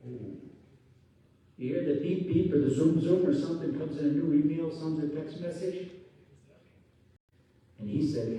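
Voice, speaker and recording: A male rabbi giving an animated Torah class sermon, telling stories and acting out the voices of the people in them. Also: on the high side, normal speed, long pauses. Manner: animated storytelling, acting out quotes, sudden loud bursts. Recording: echoey hall from far off.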